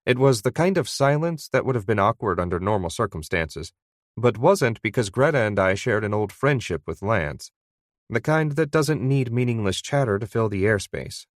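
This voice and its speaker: A man reading an audiobook in first person, with conversational, steady storytelling. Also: lowish voice, normal speed, no room sound, clean studio sound. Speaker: audiobook narrator. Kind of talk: first-person scripted narration.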